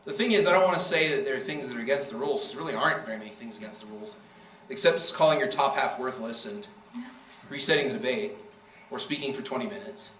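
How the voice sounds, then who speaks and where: A man's voice: medium pitch, fast talker, fairly bright tone, a little hiss or hum. A man giving a casual classroom lecture on debating, joking and acting out quoted speakers. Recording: echoey room from far off.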